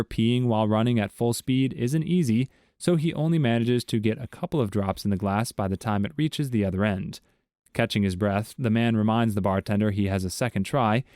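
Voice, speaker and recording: A man narrating a series of jokes in an even, scripted storytelling read. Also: medium pitch, no room sound, studio quality.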